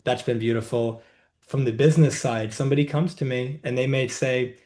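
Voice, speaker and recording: Man, warm low-key voice, measured, reflective, podcast guest telling stories. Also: fairly even intonation. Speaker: guest, energy healer and coach. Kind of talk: podcast interview storytelling.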